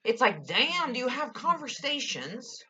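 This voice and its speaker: A woman's voice: fairly high pitch, big pitch swings, a little slow, noisy background. A young woman casually reviewing a TV episode, gushing and ranting with lots of "like" and swearing.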